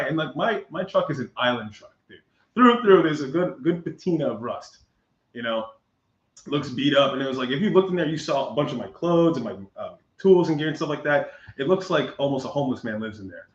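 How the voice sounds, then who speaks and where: Animated man telling a story in an echoey room. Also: medium pitch, fast talker. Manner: animated, acts out quoted dialogue, laughs often. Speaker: guest. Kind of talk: casual storytelling chat. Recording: muffled echoey room recording.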